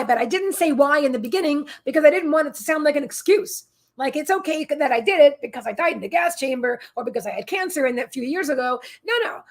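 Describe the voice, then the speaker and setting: A middle-aged woman hosting a psychic livestream, telling a personal story in a rambling, emotional way with many restarts and asides to viewers. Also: a little high. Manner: talks to viewers in chat.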